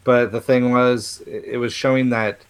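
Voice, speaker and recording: A man's voice: medium pitch, flat delivery, moderate pace, clean tone. Laid-back man discussing movies. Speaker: podcast co-host. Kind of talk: casual movie review chat.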